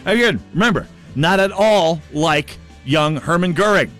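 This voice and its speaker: A man from North Dakota hosting a talk radio show, sardonic and halting, with mocking asides. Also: fairly high pitch, lively intonation, fairly bright tone, faint music behind. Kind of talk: opinionated talk radio monologue.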